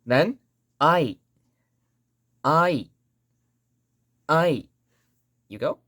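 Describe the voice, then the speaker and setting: A woman's voice: low voice, expressive, very slow, fairly bright tone, no echo, studio quality. A woman teaching a language lesson online in a playful, joking way, repeating sounds for learners to say back.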